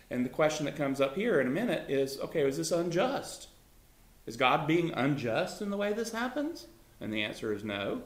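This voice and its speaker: A man's voice: on the high side, echoey room. A man leading a Bible study in a conversational teaching style, chuckling often and talking loosely with fillers.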